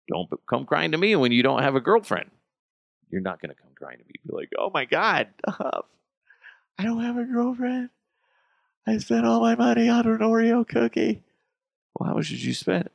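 A gravelly male podcast host who rants bluntly and swears freely. His pitch swings widely as he jumps from loud bursts to low mutters. He is recorded close on a dry mic. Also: no room sound. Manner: blunt, profane ranting. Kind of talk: casual chat.

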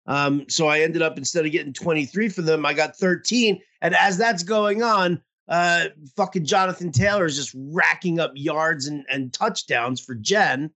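Podcast co-host, male, bright and high-ish, rambling profane storyteller, nursing a toothache. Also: normal speed, hardly any pauses. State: toothache pain. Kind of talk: casual fantasy football chat.

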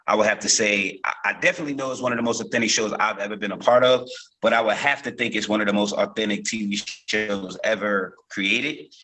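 A man's voice: on the low side, fairly even intonation, quick pace, bright, forceful tone, poor audio. A man from Newark, a guest actor, telling stories in a casual interview, loose and rambling with many fillers and restarts. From Newark, New Jersey.

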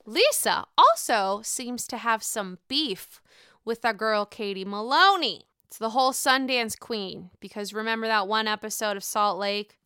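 Young woman podcast host, bright crisp voice, swears freely, sarcastic gossip energy. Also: fairly high pitch, a little slow, dry recording, studio quality. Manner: profane, sarcastic, animated. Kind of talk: casual reality TV recap.

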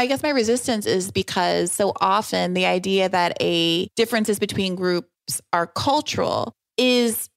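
A woman with a mid-range voice speaks as a podcast guest. She often hedges at the start of a thought, then presses her argument with growing conviction. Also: mid-range voice. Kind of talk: conversational interview.

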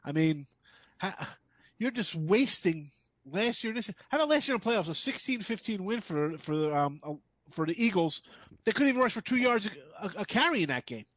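A man's voice: sits high, big pitch swings, normal speed, a bit bright, dry recording. A man giving sports betting picks as a guest handicapper, speaking bluntly and emphatically with scorn.

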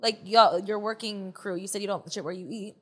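A woman's voice: mid-range voice, steady tone, fairly quick. A woman hosting an interview show, chatting casually and cutting in with blunt jokes. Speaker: host.

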